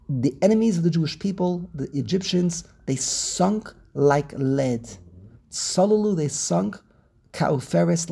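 A man teaching a text class over a video call, weaving Hebrew terms into English, pausing and repeating words as he searches, and posing questions he then answers. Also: a little high, gravelly, mellow, slightly rough. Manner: asks and answers his own questions. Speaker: Torah teacher.

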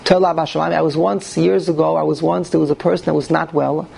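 A man's voice: a little high, level tone, quick pace, gravelly, darkish tone, slight background noise, rough recording. A man teaching a classroom Talmud lecture, emphatic and often restarting, putting questions to his listeners. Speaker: Torah teacher.

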